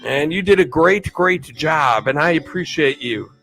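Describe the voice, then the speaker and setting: A man's voice: a little high, lively intonation, measured pace, bright, forceful tone, soft background music. A man hosting a live stream, chatting in an upbeat way and thanking viewers. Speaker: livestream host.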